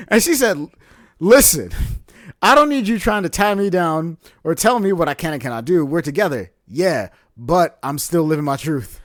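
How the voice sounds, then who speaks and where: A young man with a slightly high voice tells a story on a podcast, laughing often and acting out the people in it. The sound is dry and close, with no room behind him. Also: moderate pace, no echo. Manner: animated, laughs often, acts out quotes. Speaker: podcast co-host. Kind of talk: casual storytelling chat.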